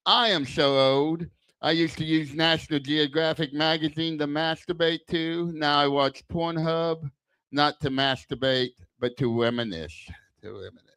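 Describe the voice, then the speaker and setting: An older man with a lisp tells crude, self-mocking jokes at a bar open mic. His voice is smooth and a little high for a man. The sound is dry and close on a handheld mic. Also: pushed and bright, dry recording. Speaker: stand-up comic. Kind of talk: stand-up set at an open mic. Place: small bar club. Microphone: handheld stage mic.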